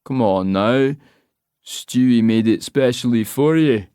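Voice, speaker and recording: Give me a man voicing a sniggering young lout, slow and insistent. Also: medium pitch, dark tone, clean tone, no room sound, clean studio sound, close to an everyday voice. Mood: pushy.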